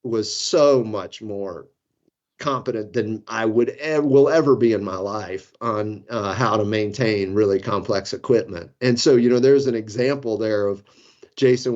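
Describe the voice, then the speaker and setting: A man in his fifties from the Florida Keys, speaking in a lowish voice with a dull, lo-fi sound. He tells long, winding stories about his own mistakes and chuckles through them. His tone is relaxed, like casual podcast chat. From Florida Keys, United States. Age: 50s. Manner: rambling, self-deprecating, chuckles through stories. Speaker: guest, safety consultant.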